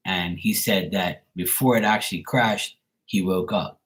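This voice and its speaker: A man's voice: low voice, a little slow. A man hosting a tarot livestream, chatting casually with viewers in a rambling, profane storytelling way.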